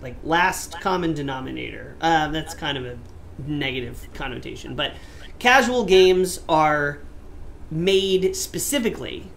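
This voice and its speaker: In relaxed chat on a gaming podcast he co-hosts, a man teases playfully and elongates words to stress them. His voice sits on the high side, creaky and fairly bright, with lively intonation at a measured pace over slight background noise.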